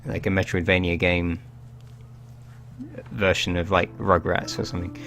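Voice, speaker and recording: A man's voice: low-pitched, flat delivery, moderate pace, a bit bright. A man casually commenting while playing video games, joking and rambling with self-mocking asides. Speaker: let's play host.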